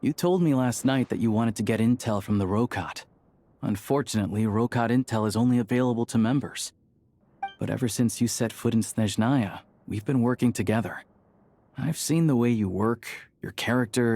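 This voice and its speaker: A man's voice: medium pitch, normal speed, dark tone, slight background noise, natural voice. An actor playing a friendly young male theater worker in a video game, easygoing and persuasive.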